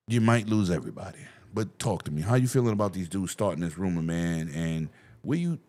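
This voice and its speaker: A man hosting a casual gaming podcast, talking in a loose, profane way and laughing loudly. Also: sits low, animated, fairly quick. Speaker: host.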